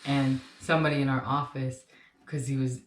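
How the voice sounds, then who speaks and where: A young woman with a low voice co-hosts a snack show, talking loosely and circling back with plenty of "like" and "um." The room around her rings with noticeable echo. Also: level tone, moderate pace. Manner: rambling, filler-heavy storytelling. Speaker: co-host. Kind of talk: casual chat. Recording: echoey room.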